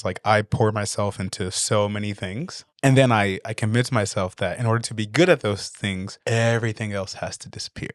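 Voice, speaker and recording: Dry-voiced animated man telling stories. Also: fairly low pitch, no echo. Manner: animated storyteller, acts out quotes, laughs often. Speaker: guest, company CEO. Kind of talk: casual interview chat.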